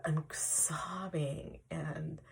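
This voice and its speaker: A woman's voice: sits low, fairly even intonation, extremely slow, vocal fry, husky. A woman vlogger telling a personal story in a candid, confiding way, often sinking to a near whisper.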